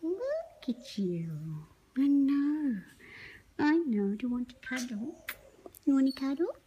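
Doting lady cooing at her parrot, soft whispers, warm dark tone, unhurried. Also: high voice, highs cut off, a little hiss or hum. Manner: doting, sing-song, whispery asides. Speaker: pet owner. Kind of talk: baby talk to a pet parrot.

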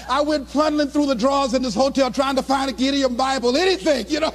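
A middle-aged man giving a motivational speech in a preacherly, animated storytelling manner, often shouting. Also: extremely high pitch, fast talker, few pauses, in a large hall, background noise. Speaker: motivational speaker.

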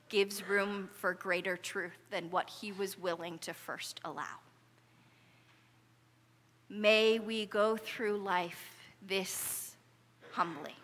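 A woman pastor preaching an earnest sermon, unhurried and deliberate. Her voice is bright and clear. It rings out in a church sanctuary with a long, lingering reverb. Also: medium pitch. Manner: earnest, conversational preaching with rising intensity in quotes.

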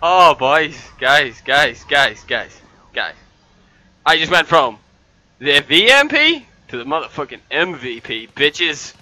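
A man giving loud, profane, excitable commentary over his own gameplay and yelling at opponents. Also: a little high, slow, dry recording. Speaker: gaming commentator.

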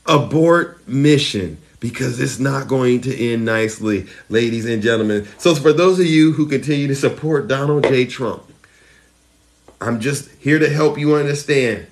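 A man hosting a political commentary show, theatrical, swinging between shouted outbursts and hushed, mock-solemn asides as he addresses his viewers. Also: mid-range voice, measured pace.

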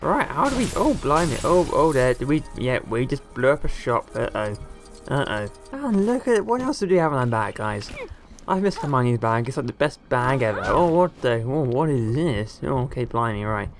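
A man giving casual, excitable let's-play commentary with a joking tone, often addressing viewers as guys. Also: mid-range voice, normal speed, soft background music. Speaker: gameplay commentator.

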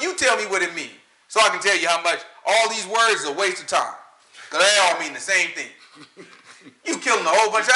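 A man with a country Southern American accent gives an informal Sabbath Bible lesson, firing off rhetorical questions and laughing often. His voice sits high with a sharp tone. The room is echoey.

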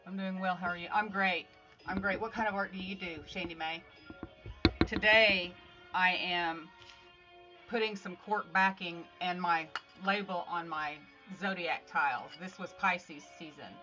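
A woman with a lowish voice speaks a little slowly and with fairly even intonation. She is hosting a casual livestream from home, making craft art while chatting upbeat with viewers and greeting them by name. She streams live from her phone, and the audio is slightly dull with faint music.

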